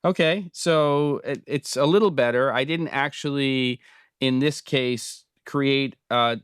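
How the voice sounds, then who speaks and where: A man's voice: medium pitch, takes it slowly, clear, resonant tone, no room sound, studio quality. A man in his fifties from Britain hosting a casual tutorial, thinking aloud with frequent ums. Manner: relaxed, thinking aloud with many fillers. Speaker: host. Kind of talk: casual screen-recorded tutorial.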